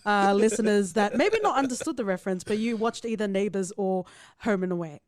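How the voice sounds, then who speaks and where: A woman co-hosting a podcast in casual chat, joking in a playful, crude and animated way. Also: mid-range voice, brisk. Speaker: podcast co-host.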